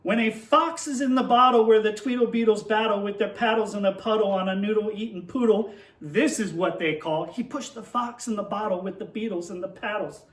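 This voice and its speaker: Man, teacher, high voice, playful read-aloud to children, echoey room. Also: fairly quick, fairly bright tone, recorded from a distance. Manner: playful, talks to young children while writing on a board. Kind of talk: reading a picture book aloud and teaching math.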